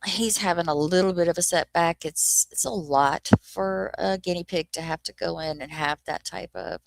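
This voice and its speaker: Woman streamer, low voice, casual profane rant to viewers, dry recording. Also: normal speed, vocal fry, no room sound. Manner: ranting, swears freely, drops into a whisper. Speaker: livestream host. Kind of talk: casual livestream chat.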